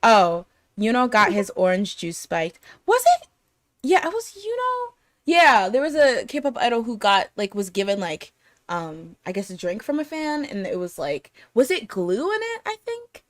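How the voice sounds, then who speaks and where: Brief: woman host, mid-pitched, chatty recap full of "um" and "like", very dry close mic. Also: very animated, moderate pace, no room sound. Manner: chatty, lots of fillers and laughter. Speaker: podcast host. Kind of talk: casual chat.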